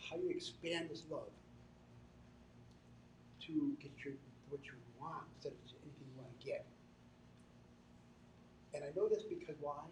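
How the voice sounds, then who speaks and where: A man giving a sermon as a spiritual teacher, earnest and halting, often repeating himself. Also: a little high. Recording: echoey room from a distant mic, faint noise.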